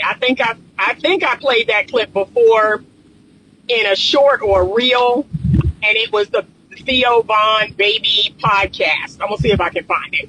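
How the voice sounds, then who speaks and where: Male coach, high bright voice, emphatic repeater, vlogging from a car. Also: slight background noise, rough recording. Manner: chatty, emphatic, repeats points to drive them home. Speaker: relationship coach. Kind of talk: casual talking-head commentary.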